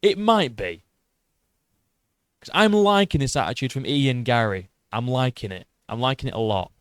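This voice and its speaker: A man hosting a casual commentary, excitable and profane, rambling with restarts. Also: medium pitch, normal speed, clear, resonant tone, no room sound, studio quality. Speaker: host.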